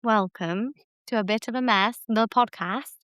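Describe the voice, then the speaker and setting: A woman hosts a relaxed late-night podcast chat from her bedroom, chatty and teasing. Her voice is smooth and clear, and the recording is close and dry, with no room sound. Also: fairly high pitch, a little slow, dry recording. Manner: chatty and teasing, light-hearted. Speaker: podcast host.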